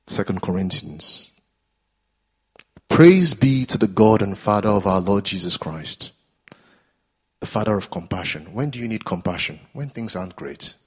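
A man's voice: sits low, animated, moderate pace, pauses often, slightly rough. A man preaching a sermon in a church, earnest and exhorting, repeating phrases as he builds intensity.

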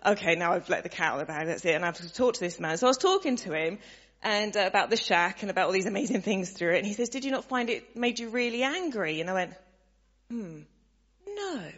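A woman sharing a story with a church gathering, animated and laughing, acting out the voices of the people in it. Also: mid-range voice, quick pace. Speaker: church member sharing a testimony. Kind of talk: casual storytelling to a congregation. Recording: dull sound, long hall reverb.

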